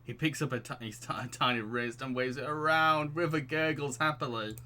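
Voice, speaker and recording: A man's voice: mid-range voice, moderate pace, pushed and bright, slight background noise. A man from England streaming a dating game, giggling and reading the story aloud. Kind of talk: let's play commentary.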